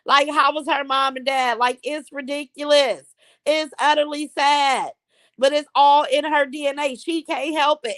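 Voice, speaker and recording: High-voiced sassy woman hosting a live chat. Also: a bit bright, dry recording. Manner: sassy, laughs often, stumbles over words. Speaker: livestream host. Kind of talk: casual live chat reading comments.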